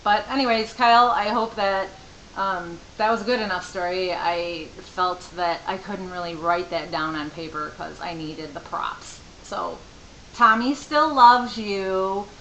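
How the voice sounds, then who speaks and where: A woman's voice: mid-range voice, a little slow, pushed and bright. A middle-aged woman, a mother, telling a rambling, chatty story to camera from home with many asides. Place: home room. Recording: echoey room with faint hiss.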